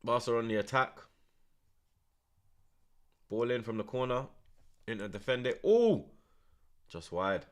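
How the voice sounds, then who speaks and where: A man's voice: mid-range voice, a little slow, long pauses, fairly bright tone. A young man giving live watchalong commentary and reading out chat, in laid-back street slang that repeats each phrase. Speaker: streamer hosting a watchalong.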